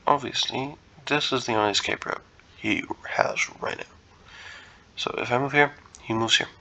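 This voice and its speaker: A man's voice: medium pitch, bright, forceful tone, a little hiss or hum, poor audio. A man giving casual think-aloud commentary while solving puzzles, muttering to himself, hesitant and self-correcting. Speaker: chess content creator.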